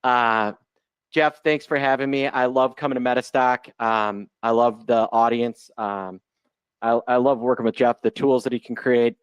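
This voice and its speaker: Speaking over a video call mic, a man in his 40s from Chicago, United States, presents as a guest options trader in a live webinar, chatty, joking, and unscripted. His smooth, mid-range voice has fairly even intonation at a moderate pace, with no room sound but a muffled recording.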